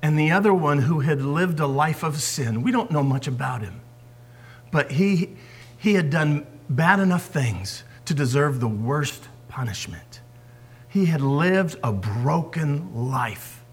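A man preaching a sermon as a pastor, swinging from forceful emphasis down to hushed whispers. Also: fairly high pitch, expressive, unhurried, slightly rough.

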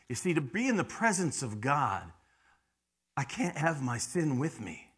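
Bright-voiced man preaching a sermon. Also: mid-range voice, very animated, measured pace, slightly rough. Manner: dynamic preaching, swings from hushed to loud emphatic; repeats words when starting phrases. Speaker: pastor.

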